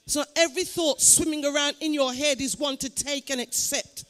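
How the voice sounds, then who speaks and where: A woman pastor leading fervent prayer in a church, preaching in a sing-song cadence, breaking into tongues and shouted declarations. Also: sits high, steady tone, moderate pace, few pauses. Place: church building.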